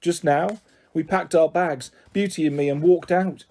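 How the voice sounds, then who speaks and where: A man's voice: fairly high pitch, fairly even intonation, a little slow, darkish tone. A man doing a timid, tearful young mum. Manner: hesitant, shaky.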